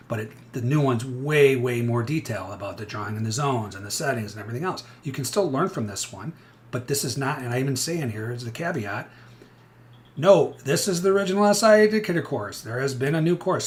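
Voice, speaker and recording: A man's voice: fairly low pitch, slight background noise. A middle-aged man hosting a live trading stream, talking bluntly and energetically with frequent restarts.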